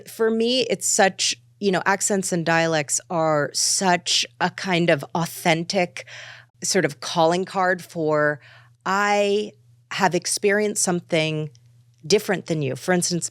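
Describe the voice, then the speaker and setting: A woman from New York in casual podcast chat, talking in an animated way and jumping into high voices for quotes. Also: slow, no room sound, clean studio sound. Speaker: podcast guest.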